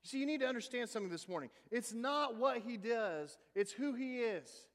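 A man's voice: extremely high pitch, animated, fairly quick. A man preaching a sermon and reading scripture aloud, building in intensity. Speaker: pastor. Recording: long reverb of a big room, faint music.

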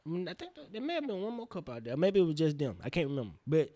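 A man hosting a casual solo podcast, rambling in slang with profane, animated outbursts. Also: a little high, very fast, no echo. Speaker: podcast host.

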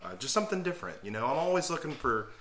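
A man's voice: mid-range voice, sing-song, very fast, a bit bright. A man co-hosting a podcast in casual chat, explaining at length and with enthusiasm. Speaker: podcast co-host. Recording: roomy echo.

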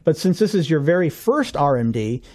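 A man's voice: a little high, normal speed. Man patiently explaining retirement rules on radio. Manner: steady explanatory, walks through examples step by step. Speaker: financial advisor co-host. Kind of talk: radio finance show explanation.

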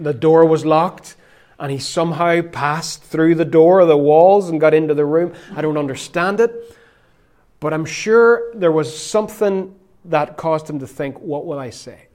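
A man preaching a sermon, swinging from loud, emphatic phrases to near-whispers and lingering on single words. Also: a little high.

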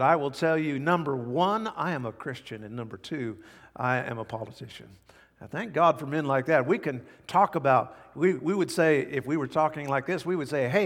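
A male pastor preaching a sermon emphatically, swinging between loud high bursts and quiet low asides. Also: in a large hall. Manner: emphatic preaching with sudden swings in pitch and volume. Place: church sanctuary.

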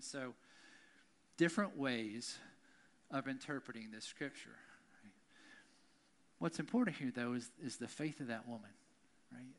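A man's voice: medium pitch, normal speed. Conversational male pastor preaching. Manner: conversational, keeps asking "right?". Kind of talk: sermon.

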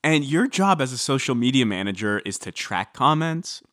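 Man, mid-pitched voice, dry close sound, measured, wry podcast co-host. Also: very animated, fairly bright tone, no echo. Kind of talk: casual celebrity gossip chat.

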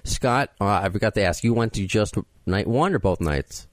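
A man's voice: fairly low pitch, expressive, normal speed, no room sound. Rambling New man hosting a podcast. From Queens, New York. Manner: self-deprecating, rambling with restarts. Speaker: podcast host. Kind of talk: casual podcast chat.

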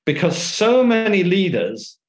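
A man being interviewed as an author, telling lively anecdotes and acting out the dialogue in them. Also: high-pitched, unhurried. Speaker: author and guest. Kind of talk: conversational storytelling interview. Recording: echoey room.

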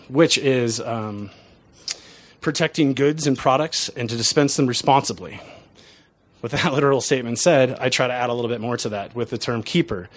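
A man who works as a bartender, telling stories to an audience in a casual, lively way and chuckling often. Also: mid-range voice. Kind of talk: storytelling talk to an audience.

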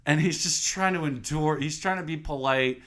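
A man's voice: a little high, normal speed, a bit bright. A man co-hosting a casual chat about a film, laughing often and acting out scenes. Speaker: podcast co-host.

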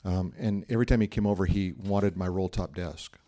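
A middle-aged man gives a sermon in a relaxed, chatty way. His voice sits somewhat low, and he slips into the voices of the people in his stories as he tells them. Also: a little fast. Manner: conversational storytelling, acts out quoted voices. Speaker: pastor.

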